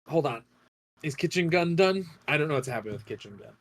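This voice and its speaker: A man's voice: on the high side, lively intonation, quick pace, fairly bright tone. Rambling, laughing male streamer. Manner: rambling, laughs often, self-interrupting. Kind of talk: casual chat while playing a game.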